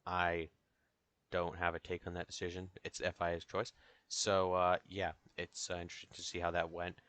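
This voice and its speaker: A man's voice: low voice, completely flat delivery, moderate pace, fairly bright tone, clear, resonant tone. A young man hosting a casual online talk show, loose and joking, with plenty of fillers.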